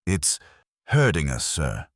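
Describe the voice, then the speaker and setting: A man's voice: a bass voice, huge pitch swings, slow, no echo, studio quality, exaggerated voice. A man voicing a young, frightened navy lieutenant who reports sonar readings in a tense, urgent way. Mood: uneasy.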